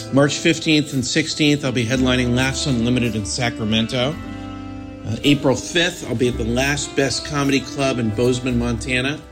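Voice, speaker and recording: A male podcast host talking casually at a mid pitch, delivering big announcements with deadpan mock grandeur and loose fillers. Faint music sits under his voice. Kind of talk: casual comedy podcast talk.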